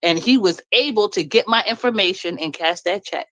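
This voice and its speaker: A woman's voice: mid-range voice, moderate pace, no room sound, low-quality recording. A middle-aged woman talking bluntly and with energy on a live stream, laughing as she vents. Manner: animated, blunt venting with laughs. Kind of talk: casual chat. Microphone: live stream call.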